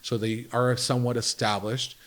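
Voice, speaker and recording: A man with a medium-pitched voice and a flat delivery talks at normal speed as a guest in a casual interview, where he's a business owner telling stories. His talk rambles, jumping between thoughts, and he acts out things others told him.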